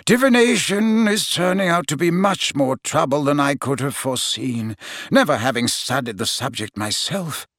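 A man voicing an elderly male headmaster who speaks in a measured, gently exasperated way. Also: fairly high pitch, lively intonation, no room sound, studio quality, voice pushed up. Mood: patient.

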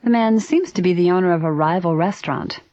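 A woman's voice: fairly low pitch, fast, dark tone, no echo, lo-fi sound, lightly acted. A woman reading a polite young sleuth. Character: curious young woman detective. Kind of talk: storybook character voice.

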